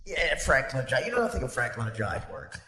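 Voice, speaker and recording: A man's voice: mid-range voice, very animated, a little fast, sharp tone. A man voicing a snobbish, bigoted, wealthy older aunt, speaking primly and giggling at her own remarks in an improvised comedy sketch. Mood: haughty gossip. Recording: roomy echo.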